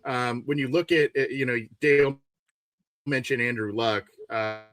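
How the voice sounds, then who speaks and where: A man's voice: medium pitch, fairly even intonation, normal speed, a bit bright, no room sound, clean studio sound. A man, a guest on a sports podcast, talking casually over a remote call with many fillers and restarts.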